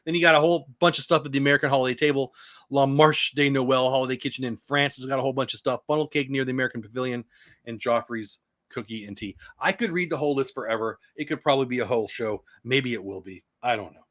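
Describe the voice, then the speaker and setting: A middle-aged man hosting a chatty morning show in an average-pitched voice. He rattles through long menu lists and keeps making fun of his own pronunciation. The sound is dry and close, with no room echo. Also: quick pace, fairly bright tone. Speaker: show host. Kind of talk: casual morning news chat.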